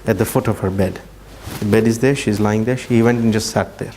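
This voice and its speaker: A man giving a talk to an audience, telling a story at an unhurried pace and dropping his voice to near-quiet at emotional moments. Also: on the low side, steady tone, slight background noise. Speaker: speaker at a training session.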